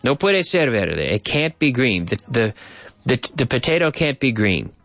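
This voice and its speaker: A man's voice: medium pitch, big pitch swings, unhurried, fairly bright tone, no room sound. A man hosting a radio show in a studio, chatting and explaining clips, slipping in Spanish translations. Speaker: radio host. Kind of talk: bilingual radio show chat.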